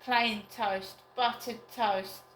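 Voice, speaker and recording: A woman rambling slowly and glumly in a casual solo vlog from her flat. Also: a little high, slight background noise. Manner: slow, rambling, downbeat musing. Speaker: vlogger. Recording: roomy flat with faint ambience.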